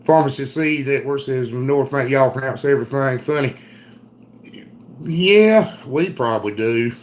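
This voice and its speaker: A middle-aged man with an Eastern North Carolina Southern accent, chatting casually on a livestream in a folksy, drawn-out storytelling way. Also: medium pitch, slight background noise. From Southern United States. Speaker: livestream host. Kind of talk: casual live chat reading comments.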